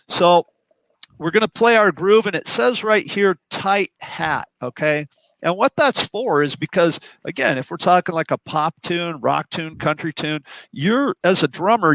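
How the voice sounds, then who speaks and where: A man's voice: fairly high pitch, a bit bright, dry recording, poor audio. Man explaining drum charts, dry sound. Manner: explanatory, counts beats aloud while demonstrating. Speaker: drum teacher. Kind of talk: explaining a song chart in a roundtable.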